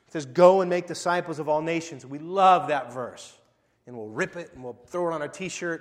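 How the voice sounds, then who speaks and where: A man's voice: on the high side, fairly bright tone. A middle-aged man preaching a sermon as pastor, in a conversational style full of rhetorical questions and swings in volume. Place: church sanctuary. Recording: long hall reverb.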